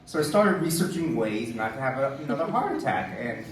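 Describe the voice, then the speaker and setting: A man's voice: medium pitch, very animated, brisk, slight background noise. A man in his forties telling a personal story live on stage, chatty and laughing, with many "like" fillers. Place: live stage before an audience. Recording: roomy distant live-stage recording.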